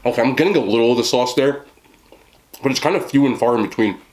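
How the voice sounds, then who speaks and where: A man casually reviewing fast food on camera, chatting with fillers and talking through mouthfuls at a desk mic. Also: medium pitch, a little mellow. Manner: chatty, talks while chewing, frequent fillers.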